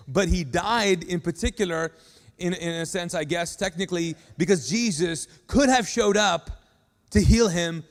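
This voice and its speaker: High-voiced animated preacher in a reverberant hall. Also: male voice. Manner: animated, acts out quoted lines. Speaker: pastor. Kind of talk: sermon. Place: large church hall. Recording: live sermon with long hall reverb.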